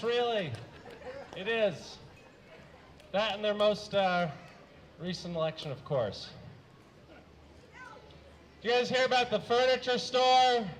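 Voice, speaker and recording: A young man doing a deadpan stand-up set of one-liners, halting, with many uhs and some throat clearing. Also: very high-pitched, a little hiss or hum, poor audio. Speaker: stand-up comedian.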